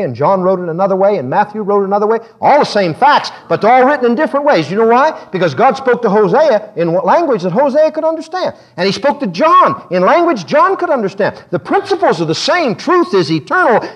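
Animated preacher man with a high voice. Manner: animated, conversational preaching with laughter. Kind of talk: sermon. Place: church service.

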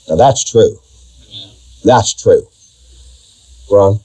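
A man's voice: mid-range voice, very animated, moderate pace, mellow, poor audio. A man preaching a sermon, emphatic and fond of rhetorical questions to his congregation. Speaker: pastor.

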